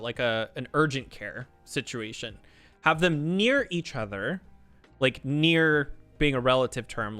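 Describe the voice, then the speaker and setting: A man's voice: medium pitch, sharp tone, clear, resonant tone. A man streamer telling a story in a casual, ranting way, swearing a lot.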